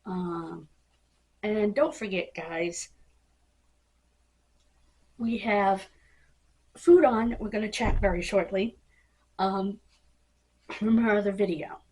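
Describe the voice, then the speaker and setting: A woman casually recapping a wrestling event as the host of her vlog, halting with many ums and hiccupping. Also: mid-range voice, darkish tone, slightly rough. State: hiccupping, coughing.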